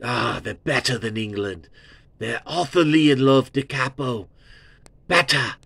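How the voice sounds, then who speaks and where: A man hosting an album review show, gushing and excitable, repeating himself and swearing freely. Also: medium pitch, measured pace, gravelly, husky, no echo. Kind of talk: rambling casual album review.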